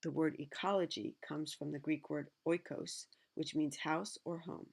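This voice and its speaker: Gravelly woman reading a picture book. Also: low voice, steady tone, normal speed. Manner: chatty asides between read passages. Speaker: reader.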